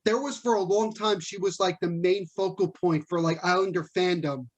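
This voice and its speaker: A man co-hosting a casual podcast, telling stories in an animated, enthusiastic way. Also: high voice, moderate pace, dull audio. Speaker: podcast co-host. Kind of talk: casual chat.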